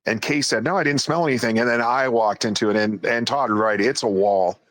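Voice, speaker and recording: A man's voice: mid-range voice, a little fast, no echo. A man casually recounting a night in the woods, jumping into quoted voices as he goes. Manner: animated retelling, acts out quoted voices. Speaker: guest storyteller. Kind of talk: casual storytelling.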